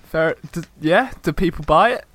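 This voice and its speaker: A man's voice: a little high, animated, crowd noise. A young man hosting a podcast, chatting casually, teasing his guest and laughing readily. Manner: playful, teasing, quick to laugh. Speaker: podcast host. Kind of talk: casual chat.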